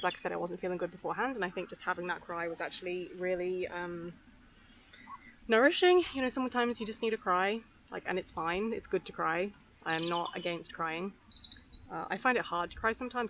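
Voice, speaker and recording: A young woman talking candidly to camera outdoors by a river, soft and unhurried with lots of fillers and restarts. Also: lowish voice, noisy background. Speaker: vlogger. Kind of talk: candid rambling talk to camera. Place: outdoors beside a river on a footpath.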